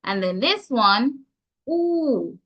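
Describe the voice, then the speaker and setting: A woman with a fairly high, sing-song voice speaks extremely slowly as she teaches pronunciation online. Her Jamaican accent comes through while she patiently spells out sounds and encourages the class, though the call audio is dull and lo-fi.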